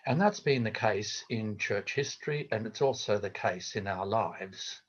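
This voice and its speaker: An older man with an Australian accent, speaking as a theologian guest over a video call in a measured, reflective way. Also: on the low side, breathy edge. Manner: measured, reflective, hesitant with fillers. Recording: dull lo-fi video call audio.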